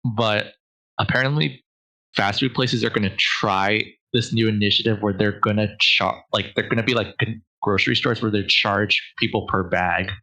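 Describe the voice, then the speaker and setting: A man's voice: fairly low pitch, steady tone, normal speed, pushed and bright, low-quality recording. A man co-hosting a podcast in blunt, offhand casual chat. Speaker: podcast co-host.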